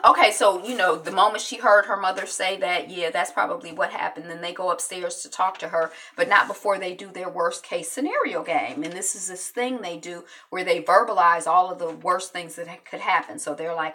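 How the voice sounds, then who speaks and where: Woman recap host, bright, animated, voice a bit off-mic. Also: on the low side, fairly quick, few pauses, distant mic. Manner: animated, acts out quotes, chatty. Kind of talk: casual TV recap.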